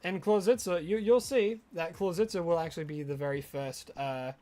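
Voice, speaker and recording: A man's voice: a little high, normal speed, dark tone. A man with an Australian accent touched by American, chatting casually on a live stream and answering viewers' questions as they come in. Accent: Australian with some American.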